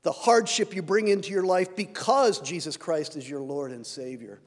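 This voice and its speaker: Man, preacher, sermon, earnest, high-pitched, long hall reverb. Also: steady tone, moderate pace. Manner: earnest, rising when reading scripture.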